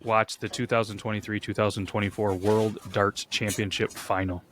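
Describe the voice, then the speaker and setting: A man's voice: lowish voice, level tone, moderate pace, a bit bright, slight background noise. A man co-hosting a podcast, chatting casually and imitating sounds as he describes things. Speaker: podcast co-host. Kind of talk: casual chat.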